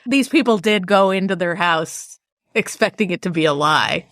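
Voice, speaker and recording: A woman's voice: on the low side, fairly bright tone, dry recording, studio quality. A woman co-hosting a podcast, making sarcastic jokes and laughing easily. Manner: jokey, sarcastic, quick to laugh. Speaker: podcast co-host. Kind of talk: casual joking chat.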